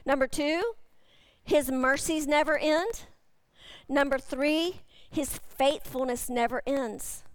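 A woman's voice: high-pitched, fairly even intonation, slow, no room sound. A woman pastor preaching a sermon, speaking emphatically and repeating her key phrases again and again.

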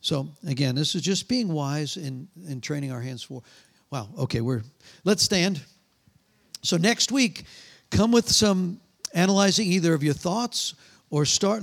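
A middle-aged man preaching, telling animated stories and acting out the voices, often trailing off mid-sentence. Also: fairly high pitch, vocal fry. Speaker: pastor. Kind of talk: sermon with storytelling and prayer.

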